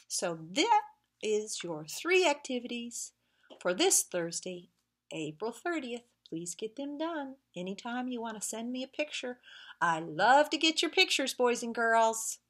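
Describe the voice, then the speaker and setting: A middle-aged woman teaching young children remotely, slow and sing-song, drawing out words as she claps syllables. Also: high-pitched, fairly bright tone.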